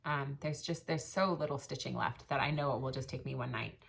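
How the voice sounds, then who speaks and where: Low gravelly woman, rambling vlog chat. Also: fairly quick. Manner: rambling, many ums and restarts, earnest. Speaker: cross stitch vlogger and shop owner. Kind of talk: casual chat.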